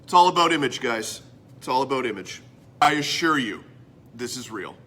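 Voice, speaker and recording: A Canadian man hosting a rambling comedy show from a room, theatrical and self-mocking, swinging between loud bits and mumbled asides. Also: medium pitch, expressive, normal speed. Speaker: host. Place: indoor room.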